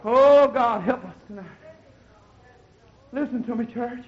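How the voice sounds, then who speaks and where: A man preaching a fiery sermon as pastor, rising to shouted exhortation and dropping low again. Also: a little slow, muffled recording.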